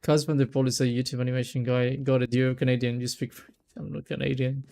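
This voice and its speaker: A man chatting loosely while he plays a game on stream. His voice is warm and mellow at a middle pitch. He rambles, laughs and stumbles over words. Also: little pitch movement, fast talker, vocal fry. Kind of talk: casual let's-play chat.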